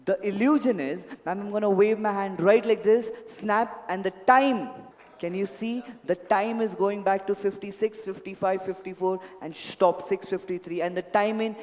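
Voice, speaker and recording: A man's voice: high voice, steady tone, normal speed, a little mellow, big-room sound. A man performing a stage magic act, politely coaxing volunteers and addressing them as sir and ma'am, speaking into a handheld mic. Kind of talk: live magic show patter. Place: large hall at a club event.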